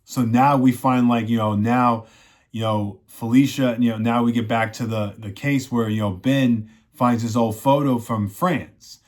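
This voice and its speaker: A man's voice: mid-range voice, steady tone, a little slow. A man casually recapping a TV season in a rambling way, full of "you know" fillers. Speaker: show reviewer.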